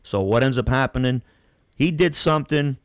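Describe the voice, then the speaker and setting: A man hosts a podcast and spins street stories in a loose, profane way. His pitch sits at an ordinary middle for a man. The sound is dry and close. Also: normal speed, clean tone, no echo. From Queens, New York. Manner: animated, profane, acts out voices. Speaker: podcast host. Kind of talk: casual storytelling.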